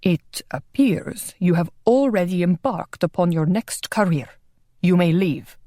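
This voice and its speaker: A woman narrator voicing a stern, weary male leader who presides like a judge in a measured, quiet way. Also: fairly low pitch, animated, dry recording, studio quality.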